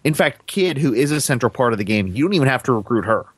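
A man's voice: medium pitch, animated, fast, husky, dry recording. A man co-hosting a casual podcast chat, thoughtful and corrective, hedging with fillers. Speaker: podcast co-host.

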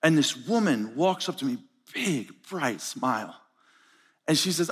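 At normal speed and medium pitch, a slightly rough-voiced pastor preaches at a conference, animating his stories by acting out their dialogue. Long reverb fills the live hall.

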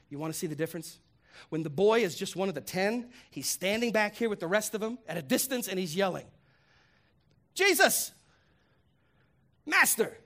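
A male pastor preaching a lively, humorous sermon, swinging between loud punchlines and hushed reflective lines. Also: a little high, breathy edge. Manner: animated, humorous, acts out voices.

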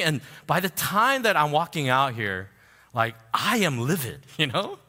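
A pastor preaching a sermon tells a personal story with animation, laughing at himself, then goes soft and low when he turns to prayer. He speaks unhurriedly, and the recording carries a long hall reverb.

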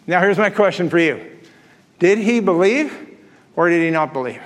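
Brief: male pastor, high voice, chatty sermon, long hall reverb. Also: expressive, moderate pace. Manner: conversational, asks the congregation questions.

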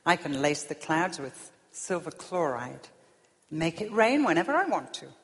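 A woman's voice: deep voice, big pitch swings, moderate pace. A woman preacher voicing a boastful self-made man who sneers at God in a parable. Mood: sneering. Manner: sneering and proud. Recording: long reverb of a large hall.

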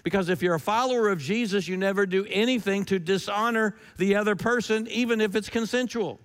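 High-voiced man preaching in a reverberant hall. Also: brisk, fairly bright tone, smooth. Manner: emphatic, repeats key lines, rhetorical questions. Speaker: pastor. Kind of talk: sermon.

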